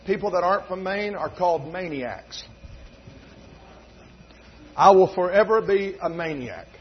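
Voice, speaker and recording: A man's voice: high voice, expressive, unhurried, husky. A middle-aged man, a pastor from North Carolina preaching a sermon in a church, telling folksy stories and rising to emphatic fervor. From North Carolina, USA. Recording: dull lo-fi recording.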